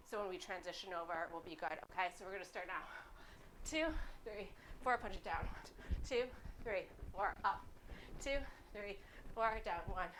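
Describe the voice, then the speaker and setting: A woman's voice: mid-range voice, bright, forceful tone, slight background noise, poor audio. A woman leading a cardio boxing workout, counting reps aloud in an upbeat, chatty way and getting slightly winded. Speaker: fitness instructor.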